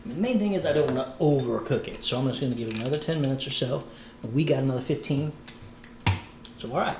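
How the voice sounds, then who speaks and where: A man's voice: mid-range voice, fast, roomy sound, background noise. A man, a voice actor, chatting playfully with viewers while cooking on a livestream. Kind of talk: casual cooking livestream chat.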